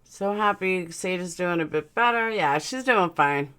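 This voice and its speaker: A casual livestream host reads her chat and talks bluntly, her voice on the low side, expressive, a bit bright and clean in tone. She speaks a little slowly, lisping slightly because of dental aligners.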